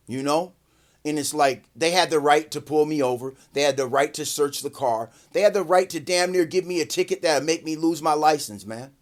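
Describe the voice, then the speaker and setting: Guy with a pretty high voice telling a wild story to his viewers, swears a lot, gets loud doing the quotes. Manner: animated, profane, acts out quotes loudly. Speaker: vlogger. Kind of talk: casual storytelling to camera.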